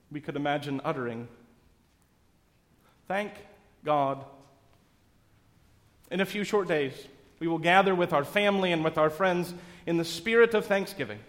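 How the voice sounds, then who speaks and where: Easygoing preacher in a reverberant church. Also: male voice, a little high. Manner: storytelling, wry and easygoing. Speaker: pastor. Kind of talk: sermon. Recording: long reverb of a church sanctuary.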